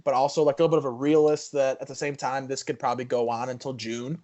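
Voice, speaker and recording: A man's voice: medium pitch, flat delivery, fast talker, mellow. A man co-hosting a podcast, casually raising a topic in a rambling way with many restarts. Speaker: podcast co-host. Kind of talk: casual chat.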